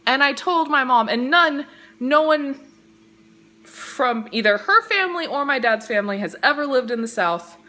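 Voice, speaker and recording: A woman's voice: high voice, lively intonation, moderate pace, bright, forceful tone. A young woman with a Californian accent, from the Central Valley, chatting casually and rambling off on tangents, with lots of "like" and casual swearing, while she cooks in her home kitchen and films on a phone held in one hand. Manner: rambling, easily sidetracked, heavy "like" filler, swears casually. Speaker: vlogger. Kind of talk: casual storytime chat.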